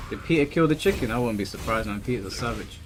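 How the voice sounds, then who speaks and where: A man's voice: on the low side, animated, quick pace. A man in his thirties casually chatting on a gaming stream, reading chat aloud and often repeating himself as he talks. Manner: laid-back, reads chat aloud, stumbles and repeats words. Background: game music.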